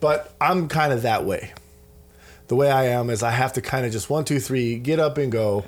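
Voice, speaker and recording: A man in his thirties co-hosting a casual faith podcast, animated and laughing as he acts out scenes from his day. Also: mid-range voice, normal speed. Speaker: podcast co-host. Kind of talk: casual Christian podcast chat.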